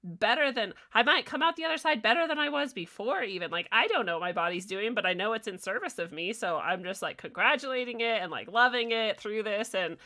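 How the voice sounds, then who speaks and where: Bright-voiced woman podcast host. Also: a little high, expressive, a little fast. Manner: casual, peppered with "like". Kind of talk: casual interview chat.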